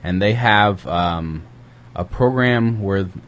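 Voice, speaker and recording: A man's voice: low-pitched, slow, fairly bright tone, dull audio. A man co-hosting a community radio show, chatting casually and reading news, rambling with lots of hesitant fillers.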